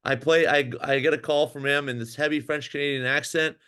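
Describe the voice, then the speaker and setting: Brisk and smooth, this fairly high male voice belongs to a former professional hockey goalie from Minnesota. In a casual interview he tells a long, animated, rambling story crowded with fillers and restarts.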